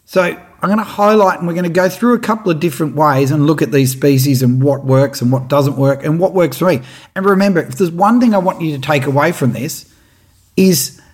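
An Australian man telling a lively fishing story and giving tips, acting out what others said. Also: on the high side. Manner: animated, acts out what others said. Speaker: fishing presenter.

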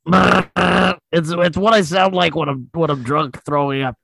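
A man doing a comic impression of a laid-back young male comedian, raspy and halting, full of fillers. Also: fairly high pitch, fairly even intonation, fairly bright tone, no room sound, full character voice. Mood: deadpan. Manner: halting, full of "uh" and "you know".

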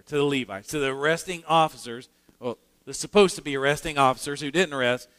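A man's voice: fairly high pitch, a little fast, fairly bright tone. A male pastor preaching a sermon, earnest and emphatic, often restarting his phrases. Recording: long hall reverb in a sanctuary.

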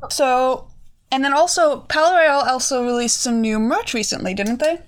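A young woman co-hosting a casual home podcast. She rambles, leans on filler words and jokes about herself, and her voice sits a little high. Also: normal speed. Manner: rambling, lots of fillers, self-mocking. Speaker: podcast co-host. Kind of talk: casual chat.

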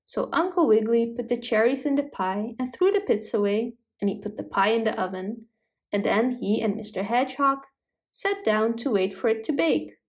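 A woman reading a children's bedtime story aloud, gentle and expressive. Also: fairly high pitch, moderate pace.

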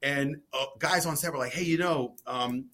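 A man being interviewed about his cookbook, telling stories in a rambling, excitable way with many restarts, and he sounds jet-lagged. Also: fairly high pitch, moderate pace. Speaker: cookbook author guest. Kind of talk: casual podcast interview.

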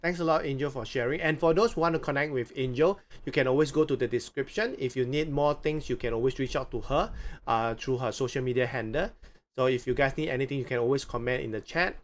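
A man hosting a live interview show, speaking deliberately with hesitant fillers and repeating phrases slowly. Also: mid-range voice.

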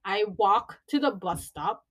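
A woman's voice: medium pitch, a little slow, highs cut off. A young woman telling a story casually to her viewers, rambling, swearing and saying "like" a lot. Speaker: vlogger.

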